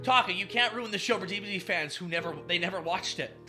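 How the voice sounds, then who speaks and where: A man streaming, chatting casually in an animated, joking and profane way, laughing often. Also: high voice, fast talker, over music. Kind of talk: casual chat.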